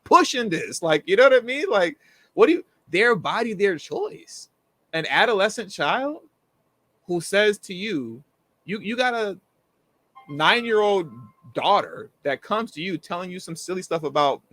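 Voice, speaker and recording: Animated slangy man with a high voice. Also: unhurried, no room sound. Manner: animated, slangy, acts out quoted people. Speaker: co-host. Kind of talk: casual commentary chat.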